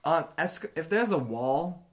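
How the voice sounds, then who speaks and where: A man's voice: fairly high pitch, lively intonation, unhurried. Playful man from the United States. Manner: playful, joking. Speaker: circus artist guest. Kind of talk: casual interview chat.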